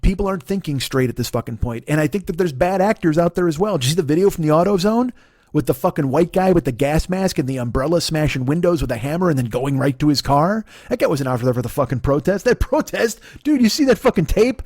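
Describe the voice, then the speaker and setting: A man in his forties ranting in a profane podcast monologue, agitated, sometimes dropping to a mutter and then rising to a shout. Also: a little high, expressive, quick pace, dry recording, clean studio sound. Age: 40s. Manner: agitated, swearing, swings between muttering and shouting. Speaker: podcast host.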